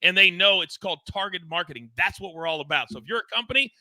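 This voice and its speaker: A man's voice: sits high, expressive, fast, sharp tone, no room sound. A man hosting a sports betting show, talking in hyped, emphatic banter and repeating phrases for effect. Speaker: show host.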